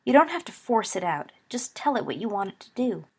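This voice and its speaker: A woman voicing a gentle, patient teenage boy wizard encouraging a friend in a storybook reading. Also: mid-range voice, sing-song, a little fast, slightly rough. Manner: gentle, reassuring.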